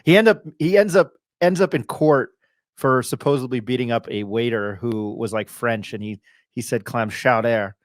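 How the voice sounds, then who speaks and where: A man's voice: medium pitch, moderate pace, no room sound, clean studio sound. A man hosting a casual sports podcast, chatty and self-deprecating, with rambling asides. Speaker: podcast host.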